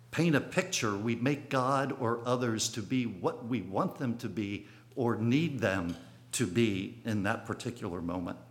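Reflective older man preaching. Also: mid-range voice. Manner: reflective, storytelling with dynamic emphasis. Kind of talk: sermon with personal story.

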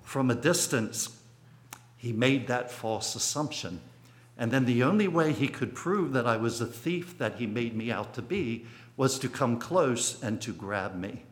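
A man in his sixties delivers a sermon in a reflective, storytelling voice. He draws on a memory from childhood, and his voice leaps up on key phrases before it falls back to a hushed tone. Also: medium pitch, expressive, unhurried. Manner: reflective, storytelling with dynamic emphasis. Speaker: preacher.

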